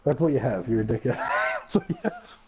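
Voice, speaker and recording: A man's voice: mid-range voice, wildly swooping pitch, a little fast. A young man streaming a game with friends, ribbing them with profane mock anger. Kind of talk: casual gaming stream banter. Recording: dull lo-fi audio with crowd noise.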